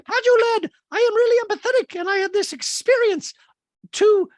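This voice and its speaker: A man impersonating an emotional, theatrical woman in a slow, high, wailing falsetto. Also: dry recording. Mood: pleading. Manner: drawn-out, wailing, exaggerated.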